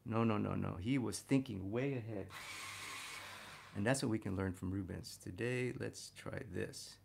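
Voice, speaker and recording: Gravelly man teaching figure drawing. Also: fairly low pitch, moderate pace, darkish tone, a little hiss or hum. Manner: enthusiastic, talks to "my friends" while drawing. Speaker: art instructor. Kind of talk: drawing lesson while sketching.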